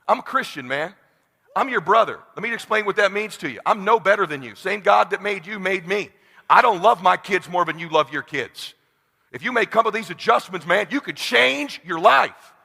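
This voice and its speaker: A man in his forties giving an intense motivational speech, swinging from hushed talk to shouting. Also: high-pitched, creaky, breathy edge, big-room sound. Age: 40s. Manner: preachy, addresses crowd as brother. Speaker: motivational speaker.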